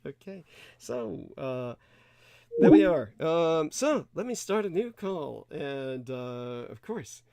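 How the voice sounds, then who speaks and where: A man hosting a call-in talk show, rambling and halting with many restarts. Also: a little high, big pitch swings, vocal fry, warm tone, no echo. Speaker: podcast host. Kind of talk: casual call-in chat.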